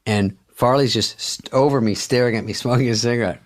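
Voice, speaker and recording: A man telling a story with dry, wry humor and casual swearing as a guest in a relaxed chat. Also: mid-range voice, a little fast.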